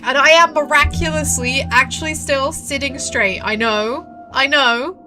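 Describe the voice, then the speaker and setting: High-pitched female game streamer, excitable and brash, with faint music in the background. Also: a little slow, hardly any pauses. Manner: loud, swearing, excitable reactions. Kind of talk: let's play commentary.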